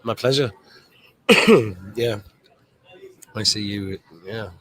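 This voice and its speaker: Rambling man, lowish voice. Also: very slow, a bit bright, rough recording. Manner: rambling, chatty, swears freely. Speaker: show host. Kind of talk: casual livestream chat, reading comments. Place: airport.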